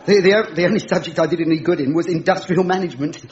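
A man performing live sketch comedy, animated and jokey, playing to an audience. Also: on the high side, quick pace, very noisy. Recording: lo-fi recording with loud audience laughter.

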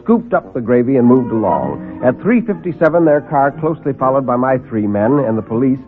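A man narrating a hardboiled first-person story in 1940s radio storytelling style. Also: mid-range voice. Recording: tinny old radio broadcast with faint hiss.

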